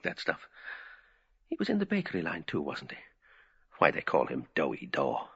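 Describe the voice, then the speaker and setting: A man's voice: low voice, vocal fry, bright, forceful tone, breathy edge, lo-fi sound, full character voice. A man voicing a middle-aged male ad canvasser, musing wryly to himself. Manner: wry inner musing.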